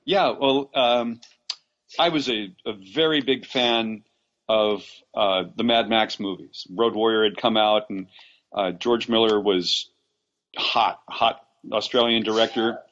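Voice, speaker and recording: A man's voice: on the low side, steady tone, slow, fairly bright tone. Guy from LA rambling through old acting stories, lots of restarts, kinda muffled audio. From Los Angeles, USA. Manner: rambling, many restarts and fillers, laughs often. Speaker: actor, podcast guest. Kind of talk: casual interview storytelling.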